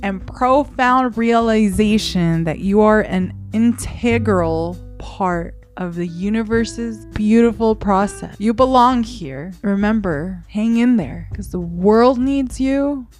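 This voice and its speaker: A woman's voice: mid-range voice, takes it slowly, hardly any pauses, darkish tone, soft background music. A woman hosting her own podcast, talking in a heartfelt, emotional way and laughing often. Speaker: podcast host. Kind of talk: solo podcast monologue.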